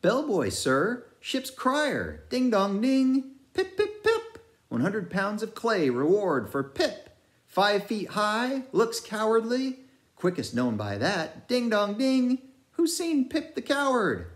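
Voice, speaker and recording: A man voicing a crazed young cabin boy with a high, singsong, frantic way of calling out. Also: wildly swooping pitch, takes it slowly, full character voice.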